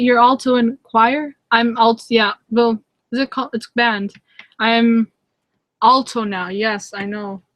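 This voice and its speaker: A woman's voice: medium pitch, fairly bright tone, no room sound. A young woman hosting a casual live hangout from home, giggling often and chatting with lots of fillers and restarts as she answers viewers. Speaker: channel host answering viewer comments. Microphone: webcam in a live video hangout.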